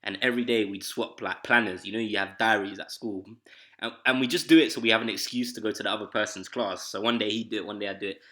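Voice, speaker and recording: A man's voice: on the low side, fast. A young man, hosting a casual podcast and telling school and family stories with slang and frequent laughter. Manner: laughing, slangy, animated retelling. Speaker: podcast host. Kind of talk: casual storytelling chat.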